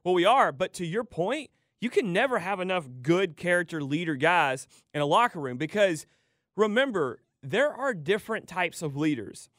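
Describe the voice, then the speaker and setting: A man co-hosting a morning sports radio show, talking casually and getting excited about players. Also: sits high, normal speed, no echo, studio quality.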